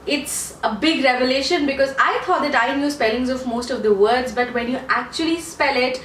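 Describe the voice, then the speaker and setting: A woman's voice: sits high, moderate pace, fairly bright tone, a little hiss or hum. A woman coaching for an English test in a chatty teaching monologue, repeating points and asking rhetorical questions, English not her first language. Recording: echoey room, mic at a distance.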